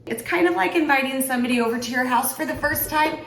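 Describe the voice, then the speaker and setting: A woman's voice: high voice, quick pace, fairly bright tone, echoey room. A middle-aged woman, a home cook and author, chatting casually and self-deprecatingly to the camera as she cooks in her home kitchen. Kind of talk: casual cooking vlog.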